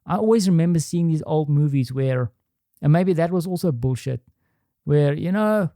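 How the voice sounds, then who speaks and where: A middle-aged man thinking out loud in a candid, rambling solo monologue, restarting sentences and swearing now and then. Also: on the high side, animated, moderate pace, no echo, clean studio sound. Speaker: podcast host. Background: quiet home.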